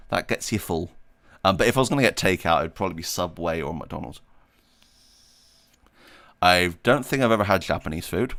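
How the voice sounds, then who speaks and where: A man's voice: deep voice, fairly bright tone, dry recording. A man chatting casually on a livestream, reading out viewer questions and rambling with frequent laughs. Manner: rambling, self-deprecating, laughs often; reads chat questions aloud while playing. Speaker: streamer answering viewer questions.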